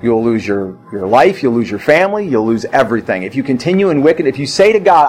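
A man's voice: mid-range voice, expressive, fairly quick, a little mellow, rough recording. A middle-aged male pastor preaching a sermon, repeating phrases and telling personal stories.

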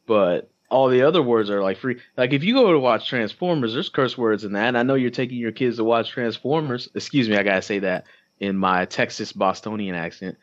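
A man's voice: mid-range voice, fairly quick. A man co-hosting a casual podcast, joking and slipping into mock voices for laughs. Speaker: podcast co-host. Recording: slightly dull lo-fi sound.

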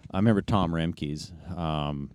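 A man's voice: very deep voice, a little slow, a little mellow, clean tone, no echo. A middle-aged man telling long anecdotes in a casual interview, rambling with many fillers and restarts. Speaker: guest ultrarunner.

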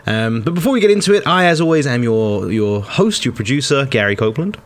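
A man's voice: mid-range voice, fairly quick. A young man hosting a casual film podcast, talking in an upbeat, jokey way. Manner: upbeat, jokey, lively intros. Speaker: podcast host and producer. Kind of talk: casual chat.

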